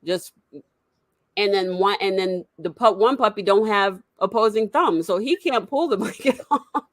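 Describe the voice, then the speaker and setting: A woman in casual conversation, a parent telling animated stories and acting out the voices of the people in them. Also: mid-range voice, unhurried, no room sound. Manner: animated storyteller, acts out quotes.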